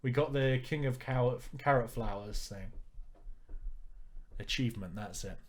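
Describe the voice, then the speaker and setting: A man's voice: mid-range voice, measured pace, pauses often. Wry man reading a game aloud. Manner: wry, joking asides. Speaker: let's player. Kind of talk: reading a visual novel aloud with commentary.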